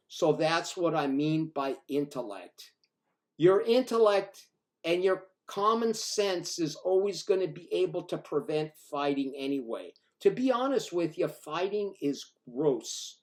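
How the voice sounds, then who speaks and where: A man's voice: high-pitched, lively intonation, measured pace. Profane, rambling older man telling a story. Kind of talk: casual spoken storytelling.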